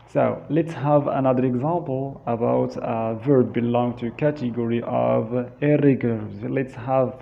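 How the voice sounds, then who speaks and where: A man teaching an English grammar lesson, repeating each verb form slowly and switching into Darija to explain. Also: mid-range voice, gravelly, warm tone. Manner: drills word forms slowly, repeating each one. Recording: dull, lo-fi sound.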